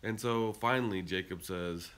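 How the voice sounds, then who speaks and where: A man's voice: lowish voice, moderate pace, a bit bright, clean tone. A man hosting a podcast, telling a story in a casual, rambling way that turns heated and emphatic. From Utah, US. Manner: rambling, restarts often, gets heated and emphatic. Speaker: podcast host. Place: garage and car, indoors and out.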